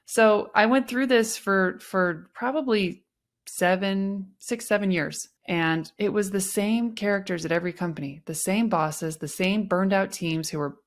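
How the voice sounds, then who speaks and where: A woman's voice: mid-range voice, a little slow. A young adult woman hosting a podcast, telling a personal work story and acting out the quoted dialogue with shifting tones. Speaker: podcast host.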